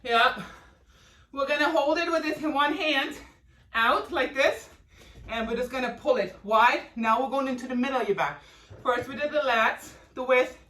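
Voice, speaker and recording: A woman's voice: sits high, normal speed, pushed and bright. A woman fitness instructor coaching a workout class, upbeat and a little out of breath as she cues moves and counts down reps. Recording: echoey room, voice from far off.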